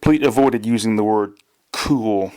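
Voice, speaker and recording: A man, the author, reading his novel aloud in a plain, measured way. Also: on the low side, warm tone.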